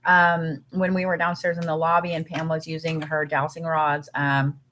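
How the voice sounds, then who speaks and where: A woman's voice: low-pitched, level tone, normal speed, fairly bright tone, a little hiss or hum. A woman co-hosting a casual spiritual live stream, chatty and rambling with many fillers, tired and eating as she talks. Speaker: co-host.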